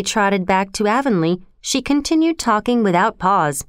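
A woman narrating a children's storybook in an even, measured way. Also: mid-range voice, clear, resonant tone, no room sound, clean studio sound.

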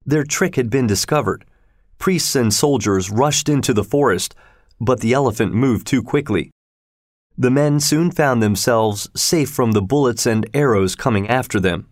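A male audiobook narrator reads a classic adventure tale at a steady, measured pace. His voice sits in a middle register and is recorded dry and close to the mic, with no room sound. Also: mid-range voice, no room sound.

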